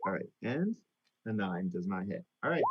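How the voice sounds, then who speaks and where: A man's voice: low voice, very animated, moderate pace, husky, dull audio. A man playing in a tabletop role-playing game, thinking aloud and working out his moves with some hesitation. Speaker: player.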